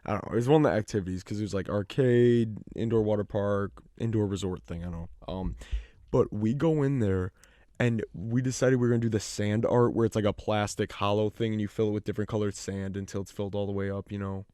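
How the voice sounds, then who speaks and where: A man's voice: lowish voice, fairly even intonation, fast talker, mellow, dry recording, clean studio sound. A young adult man co-hosting a podcast, telling a long story in a rambling, casual way. He uses plenty of fillers and swears freely. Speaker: podcast co-host.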